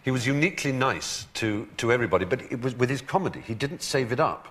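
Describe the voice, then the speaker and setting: A man's voice: medium pitch, lively intonation, fast talker, a bit bright. A man as a talk show guest, telling stories in a wry, theatrical way with frequent laughter. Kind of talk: anecdotal chat.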